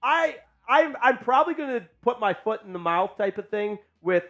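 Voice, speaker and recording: A man hosting a casual live sports chat stream, hyped and joking as he shouts out viewers. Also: extremely high pitch, animated, normal speed, muffled recording. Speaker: sports show host.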